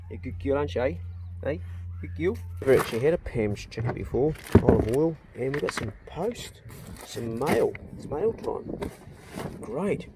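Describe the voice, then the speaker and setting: With a mid-range, slightly mellow voice, a middle-aged New Zealander vlogs casually from his car and outside, recording on a phone held as he drives. Slight background noise accompanies his candid, rambling chatter full of slang and filler words.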